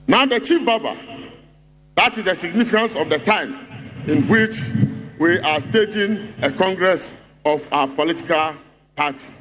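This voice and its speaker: A man's voice: sits high, fairly bright tone. A man with a Ghanaian English accent delivering a mocking, rhetorical speech at a party congress, driving his points home through repetition. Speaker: political speaker at party congress. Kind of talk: rally speech.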